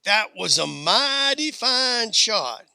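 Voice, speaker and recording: A man voicing a tough frontier woman gunslinger with quiet authority, speaking in a dry western drawl. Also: high voice, big pitch swings, slow pace, creaky, smooth, dry recording, pitched above the performer's own voice, heavily acted.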